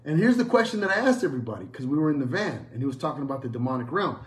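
A man preaching a sermon as a pastor, emphatic and repetitive, moving between loud calls and quieter storytelling. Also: mid-range voice, very animated, very fast, reverberant.

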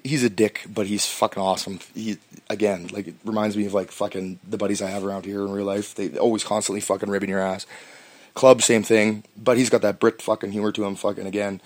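Fast profane rambling Canadian man. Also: on the low side, no room sound. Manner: profane, rambling, stammering restarts. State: stoned. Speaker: podcast host. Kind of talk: rambling casual monologue.

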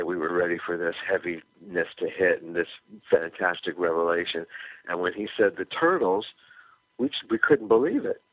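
Older male musician from California, deep voice, lively anecdotal storyteller, dry phone-line interview sound. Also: dry recording. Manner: animated anecdotal storyteller, acts out quoted dialogue. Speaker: musician guest.

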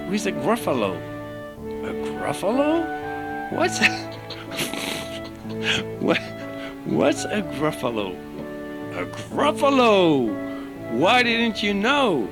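Male, French accent, playful storybook reading, very animated and unhurried, radio clip with loud music underneath. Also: fairly high pitch. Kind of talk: reading a children's story aloud.

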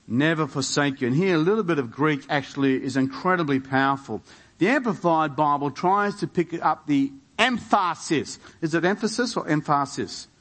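Pastor preaching in church, slightly high voice, gets emphatic with questions. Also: male voice, fairly bright tone. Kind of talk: sermon.

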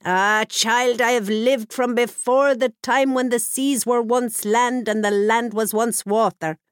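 A woman voicing an ancient, stern female winter hag from a storybook, speaking slowly and gravely. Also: high-pitched, dry recording, studio quality, pitched above the performer's own voice. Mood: sad, ancient. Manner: slow, commanding and grave.

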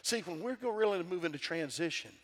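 In a church sanctuary with long, reverberant sound, a middle-aged pastor preaches animatedly and quickly in a high voice. He keeps calling on the congregation to respond.

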